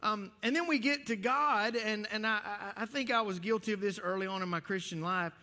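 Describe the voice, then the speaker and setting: A man's voice: high voice, brisk, sharp tone, big-room sound. A man with a Texas accent preaching a sermon in a folksy storytelling way, full of restarts. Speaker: pastor.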